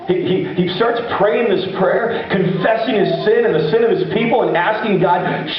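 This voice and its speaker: Animated preacher in an echoey hall. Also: male voice, high-pitched, moderate pace. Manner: animated storytelling preacher, acts out voices. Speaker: pastor. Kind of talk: sermon. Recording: echoey dull room recording.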